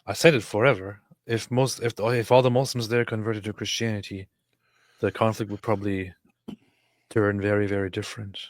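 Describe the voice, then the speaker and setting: A man's voice: lowish voice, flat delivery, moderate pace, no room sound. A man hosting a casual livestream, reading viewer comments aloud and laughing often. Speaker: livestream host reading chat.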